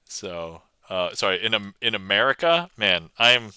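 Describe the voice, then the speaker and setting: A man with a New England accent reads a tricky poem aloud on a casual stream, laughing and tripping over words as he goes. His voice is very bright and smooth, with a lively, jumping pitch. The sound is close and dry. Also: unhurried, no room sound.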